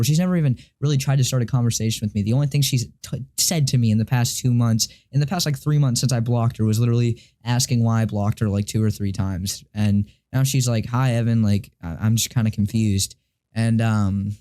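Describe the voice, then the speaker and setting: Teen boy vlogger, mellow mid-pitched voice, halting and rambling, swears casually. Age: teens. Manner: rambling, halting, with many restarts and fillers; confused and frustrated, swears casually. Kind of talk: casual storytelling to camera.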